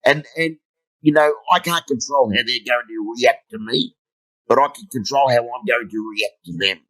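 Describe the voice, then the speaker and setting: With a mid-range, bright and forceful voice at a moderate pace, this middle-aged man, a motivational speaker, trades humorous, blunt stories in an interview and doesn't hold back on profanity. The recording quality is low.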